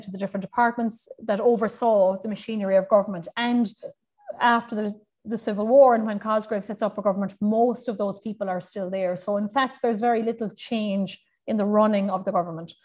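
A woman's voice: mid-range voice, darkish tone. A woman historian giving a history lecture, reading quoted documents aloud and adding conversational asides with frequent fillers and self-corrections.

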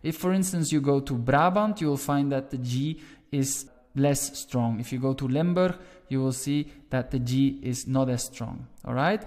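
A man's voice: medium pitch, moderate pace, a little mellow. A man from Belgium with a Flemish accent, patiently teaching a language lesson and repeating sounds to demonstrate them. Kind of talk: explaining lesson to camera. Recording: room with long reverb.

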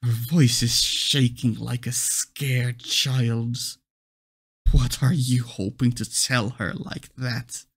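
A man doing a low, taunting inner demon. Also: fairly even intonation, slow pace, slightly rough.

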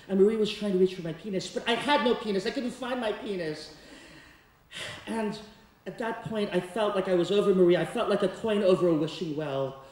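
A man's voice: high-pitched, normal speed. Theatrical man telling a story onstage. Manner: comic, theatrical, breaks into song. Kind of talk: live storytelling performance. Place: community center stage before a laughing audience. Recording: echoey hall, distant mic.

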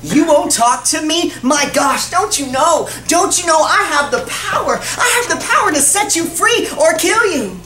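A frantic, blustering Roman governor, as a woman preacher puts him on, his voice pitched up high and pleading. He is heard from far off in an echoey hall, with noise behind. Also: animated, moderate pace, a bit bright. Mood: panicked. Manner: exasperated, pleading, raised voice.

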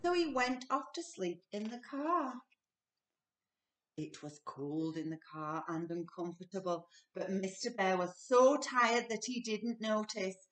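A woman reading a children's picture book aloud with expressive delivery and playful sound effects. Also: mid-range voice, measured pace. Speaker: storybook reader. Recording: echoey room, distant mic.

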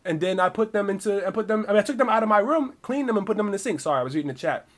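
Animated, profane man telling a story. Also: high-pitched, rapid-fire. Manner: animated, profane, rambling storytelling with many restarts. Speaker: streamer. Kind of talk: casual storytelling on a livestream.

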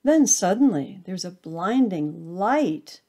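A woman reading her own short story aloud, with a soft, hushed storytelling manner. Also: on the low side, animated, slow. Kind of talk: storytelling narration.

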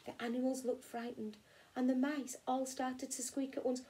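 A woman teacher from England reading a children's picture book aloud in an expressive storytelling way. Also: sits high, moderate pace, slight background noise. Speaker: primary school teacher.

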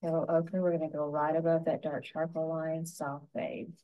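A woman giving a gentle, unhurried painting tutorial, talking through each brushstroke as she works. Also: deep voice, level tone, lo-fi sound. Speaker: painting instructor.

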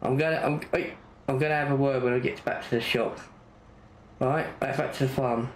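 A man's voice: medium pitch, steady tone, a little fast, slight background noise. Grumbling English man, roomy echo. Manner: grumbling, exasperated chatter. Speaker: gaming channel host. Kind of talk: casual gameplay commentary.

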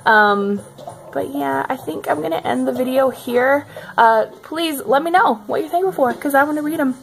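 A woman's voice: high-pitched, moderate pace, vocal fry. A young woman chatting casually in a home vlog, giggly and full of fillers, filmed on a handheld phone indoors. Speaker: vlogger. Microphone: handheld phone camera.

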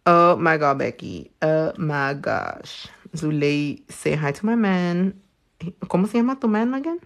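A woman, a nail technician chatting loudly and crudely on a livestream while she works, teasing and laughing a lot. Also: sits low, expressive, a little slow. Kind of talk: casual livestream chat while doing nails. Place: her own room.

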